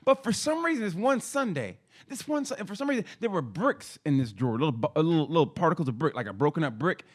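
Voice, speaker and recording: Man, podcast co-host, casual storytelling, higher voice, lively, profane. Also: fast talker. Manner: animated, acts out quotes, profane.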